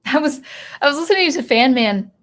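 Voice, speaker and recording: A woman's voice: sits high, animated, brisk, fairly bright tone. A woman hosting a live stream about music, talking casually and rambling with many restarts while reading out viewer comments. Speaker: music channel host.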